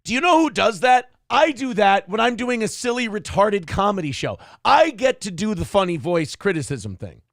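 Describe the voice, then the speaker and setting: A man's voice: high voice, big pitch swings, moderate pace, hardly any pauses, dry recording, clean studio sound. A man hosting a comedic political show, ranting in a sarcastic, mocking and profane way. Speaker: podcast host.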